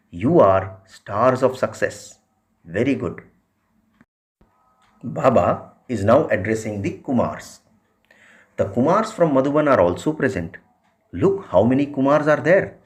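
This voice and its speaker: A man reading out a spiritual discourse in a measured way, often posing questions to his listeners. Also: fairly low pitch.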